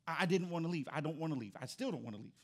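A middle-aged man preaching a sermon as pastor, with dynamic delivery that swings from quiet to loud. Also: fairly high pitch, lively intonation, very fast.

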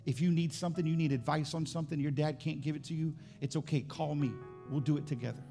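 A man preaching a sermon in a conversational, testimony style. He often repeats words as he builds up, and he climbs higher and louder when stirred. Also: fairly even intonation, fast, vocal fry, few pauses, soft background music. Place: church service.

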